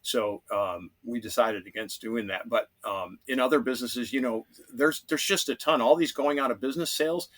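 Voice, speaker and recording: A man with a husky, slightly rough voice speaks as a podcast guest. He talks in a casual, emphatic way, often repeating a phrase to drive his point home. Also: mid-range voice, moderate pace, hardly any pauses, a bit bright. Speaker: podcast guest, handyman business owner.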